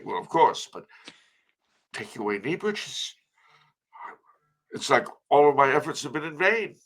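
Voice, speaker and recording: Gravelly older man, wry courtly storyteller. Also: on the high side, sing-song, measured pace, long pauses, a bit bright. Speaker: guest. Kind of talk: casual chat, telling jokes.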